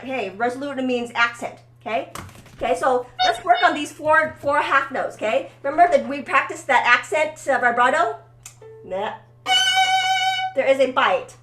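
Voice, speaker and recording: A woman's voice: high voice, fairly bright tone, roomy sound. A woman giving a one-on-one violin lesson, coaching and encouraging her student, often checking in with "okay?". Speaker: violin teacher. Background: faint violin playing.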